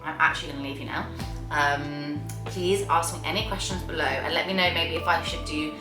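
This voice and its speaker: A woman's voice: low voice, steady tone, a little fast, over music. A young woman chatting casually to her viewers in a rambling, open vlog style. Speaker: vlogger. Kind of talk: casual chat to camera. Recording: echoey room with faint ambience.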